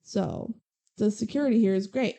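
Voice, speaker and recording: A young woman with a mellow, warm-toned voice recapping a film for a podcast. She talks in a loose, chatty way, throwing in sarcastic asides as she goes. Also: mid-range voice, sing-song, moderate pace, gravelly. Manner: chatty, sarcastic, quotes characters in passing. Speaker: podcast co-host. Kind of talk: casual movie recap chat.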